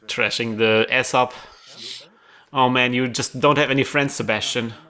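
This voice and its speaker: Bright-voiced male card game commentator. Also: mid-range voice, normal speed, clear, resonant tone. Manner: excitable, chatty, many restarts and laughs. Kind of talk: casual tournament commentary.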